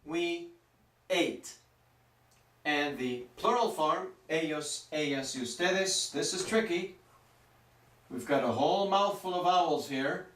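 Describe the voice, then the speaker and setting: A man with a slightly high voice gives a grammar lesson at a slow, deliberate pace, drawing out each word. He sits well back from the microphone, so his voice carries a roomy echo. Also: fairly bright tone. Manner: slow, deliberate, stretches out Spanish words for pronunciation. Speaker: Spanish teacher. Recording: roomy echo, mic some distance off.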